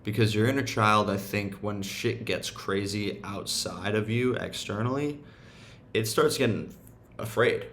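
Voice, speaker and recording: A man's voice: lowish voice, a little slow, a bit bright, slight background noise. A man hosting a self-help talk, speaking in a loose, emphatic, slangy way and swearing freely. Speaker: meditation and self-help host. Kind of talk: casual motivational rant.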